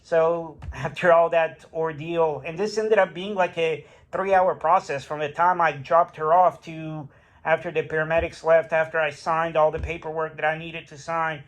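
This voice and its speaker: A man with a slightly higher voice recounts a story in a loose, rambling way. He keeps circling back with fillers and restarts as he talks it through. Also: steady tone, normal speed. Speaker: rideshare driver. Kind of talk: casual storytelling.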